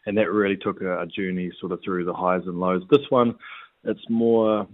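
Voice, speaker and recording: A man, a retired rugby player talking as a guest in a laid-back, halting way. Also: sits low, fairly even intonation. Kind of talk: casual interview chat. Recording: tinny phone-like line.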